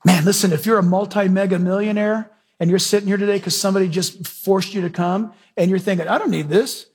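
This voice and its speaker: A male preacher with a high, husky voice delivers a sermon with emphatic force. He keeps putting questions to the congregation and leans hard on key words. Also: level tone, fast, darkish tone.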